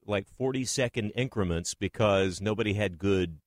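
A man's voice: on the low side, moderate pace, dry recording, studio quality. A man hosting a casual radio interview in a broadcast booth, joking and slipping into impressions. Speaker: radio host.

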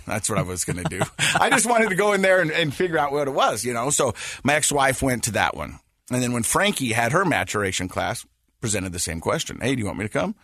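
A man in his forties hosting a podcast, telling family stories in a casual, animated way and laughing at his own jokes. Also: medium pitch, a little fast, no echo, studio quality. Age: 40s. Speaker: podcast host.

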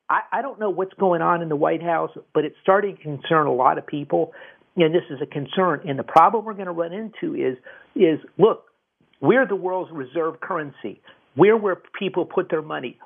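Gravelly man on tinny talk radio. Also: on the high side. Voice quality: gravelly, husky. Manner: emphatic, repeats words and restarts often. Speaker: radio host. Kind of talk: political commentary on talk radio. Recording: tinny phone-like radio audio.

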